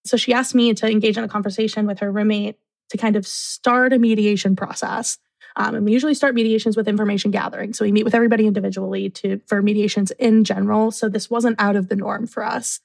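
A woman who works in university residence life, telling a story casually and acting out what people said in lively voices. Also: medium pitch, fast, creaky. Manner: animated, acts out quotes.

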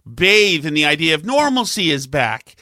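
High bright-voiced guy co-hosting, argues his point, dry close mic. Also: sing-song, moderate pace, no room sound. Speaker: podcast co-host. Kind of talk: casual political chat.

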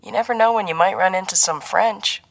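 A woman voicing a wry, fatherly male agency handler who speaks mildly and drops to a hush. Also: deep voice, moderate pace, gravelly, breathy edge, dry recording, full character voice. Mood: teasing. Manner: mild, teasing, then hushed and serious.

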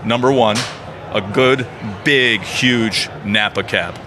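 A middle-aged man chatting as a podcast guest, an emphatic and animated storyteller who piles up his points. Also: fairly low pitch, slow pace, background noise. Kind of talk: casual chat.

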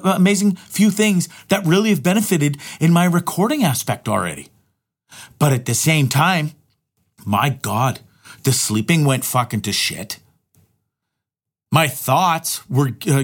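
A man's voice: fairly high pitch, a bit bright. A middle-aged man vlogging a candid personal monologue, rambling and swearing heavily, often restarting his words. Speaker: vlogger and live streamer.

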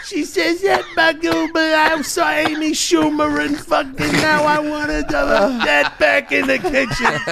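A man putting on a loud, brash comedy-duo comic, shouting his jokes. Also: extremely high pitch, vocal fry, full character voice. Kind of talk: comedy podcast bit.

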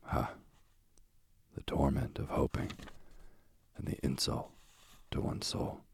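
A man narrating a literary audiobook in a measured, solemn reading. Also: extremely low pitch, gravelly, a little mellow, slightly rough, no echo, clean studio sound.

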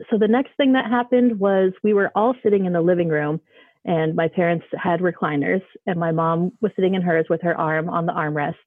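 A woman's voice: lowish voice, no room sound. A woman calling in to tell a story in a rambling, casual way, full of fillers and restarts. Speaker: caller. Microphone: phone call. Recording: tinny dry phone line.

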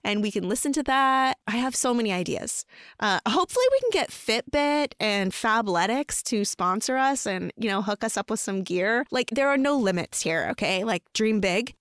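A woman's voice: mid-range voice, no room sound. Woman podcast host, mid-range voice, upbeat pep-talk delivery, dry close sound. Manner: upbeat and encouraging, peppered with "like" and "okay?". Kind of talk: casual solo podcast talk.

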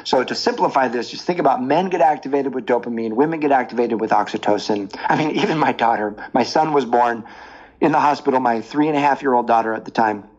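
A man being interviewed as a dating coach, explaining with lively stories and examples. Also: medium pitch, fast talker, muffled recording. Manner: animated storyteller, explains with examples. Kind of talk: podcast interview.

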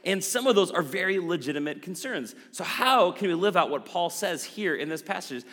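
A man's voice: high-pitched, expressive, normal speed, few pauses, a bit bright, in a large hall. A man preaching a sermon as pastor, earnest and conversational, stressing quoted scripture.

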